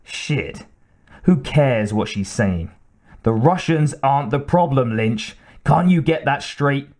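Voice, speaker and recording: A man's voice: mid-range voice, lively intonation, slow pace, a little mellow. A male narrator voicing a tough, weary ex-cop who talks in a blunt, sardonic way in an audiobook. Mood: exasperated. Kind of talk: audiobook character reading.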